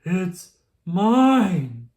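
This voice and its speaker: A woman voicing a frantic, busy businessman in a storybook read-aloud, calling out loudly and urgently. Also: low-pitched, sing-song, normal speed. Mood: breathless.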